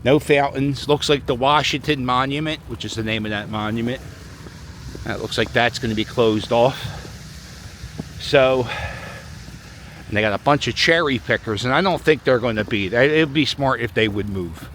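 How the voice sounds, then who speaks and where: Medium in pitch and a bit bright, this middle-aged man's voice moves at a moderate pace over slight background noise. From Philadelphia, he strolls a snowy plaza, rambling and joking into a handheld camera for a casual vlog.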